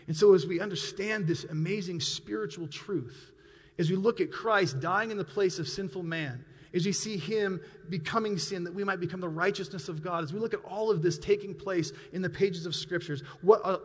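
Earnest male preacher, somewhat high-pitched, vivid storyteller, booming church acoustics. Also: fairly bright tone, in a large hall. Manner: earnest, imaginative storytelling, rising for emphasis. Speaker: pastor. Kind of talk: sermon. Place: church sanctuary.

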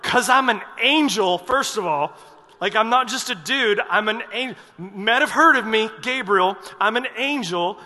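A blunt, sarcastic male angel, exasperated at being doubted , voiced by a man telling the story from the pulpit. His tone is bright and pointed, and his voice carries a long reverb through a large hall. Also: sits high, moderate pace, voice pushed up, exaggerated voice.

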